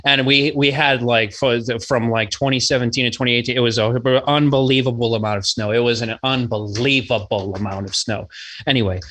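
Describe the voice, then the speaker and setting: A man's voice: medium pitch, fairly even intonation, fairly quick, a bit bright. Rambling, profane man from Massachusetts. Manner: rambling, profane, laid-back. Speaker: podcast guest. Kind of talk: casual chat.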